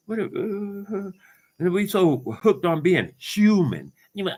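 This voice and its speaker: A man's voice: very animated, takes it slowly. Fiery, profane man venting. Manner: heated, profane, emphatic ranting; repeats phrases and swings between loud bursts and low muttering. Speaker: vlogger. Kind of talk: angry monologue to camera.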